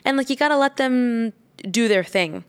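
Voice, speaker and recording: A mother telling a story in casual chat, animated, swearing freely and acting out what she said. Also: a little high, moderate pace, clear, resonant tone. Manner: animated, swears freely, acts out quoted lines.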